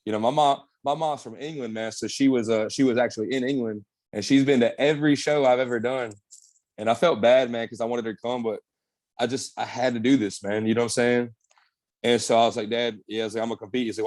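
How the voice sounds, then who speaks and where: On a podcast, a young man who bodybuilds trades stories in a casual storytelling interview, animated and slangy, cursing and leaning on "bro" and "man." He speaks fairly quickly in a mid-range voice, captured in a dry recording.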